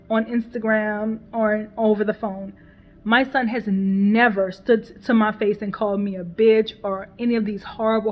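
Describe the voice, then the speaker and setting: A woman's voice: medium pitch, a little mellow. A woman talking as a mother in a casual personal vlog, emotional and repetitive, swearing and laughing bitterly as she talks things through. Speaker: mother venting on her channel. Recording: dull lo-fi sound.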